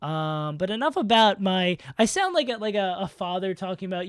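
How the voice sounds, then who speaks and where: A man's voice: high-pitched, lively intonation, brisk, smooth, no echo, studio quality. Rambling, self-mocking male streamer. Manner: rambling, self-mocking, many fillers and restarts. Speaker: streamer ranking players. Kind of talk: casual live-stream commentary.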